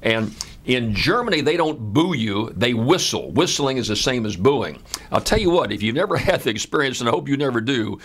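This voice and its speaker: A man in his seventies from the United States, telling a personal story in an unhurried, conversational way with frequent "uh" fillers. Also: medium pitch, a bit bright. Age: 70s.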